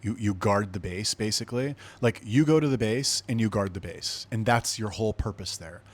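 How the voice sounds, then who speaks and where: Blunt, profane man with a lowish voice. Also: normal speed. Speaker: podcast host. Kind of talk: casual storytelling monologue.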